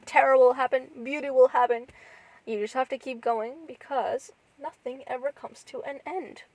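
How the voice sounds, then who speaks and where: A woman's voice: sits high, fairly even intonation, normal speed, darkish tone, dry recording, low-quality recording. A woman co-hosting a podcast, chatting casually and rambling with lots of restarts and fillers. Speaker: podcast co-host. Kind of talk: casual chat.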